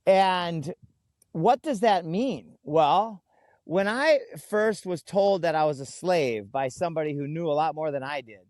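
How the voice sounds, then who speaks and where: A man speaking as an interview guest, telling stories earnestly and slowing right down to stress his key words, recorded outdoors. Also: fairly high pitch, lively intonation, a little mellow, no room sound, clean studio sound. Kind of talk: conversational interview. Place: outdoors in a food forest.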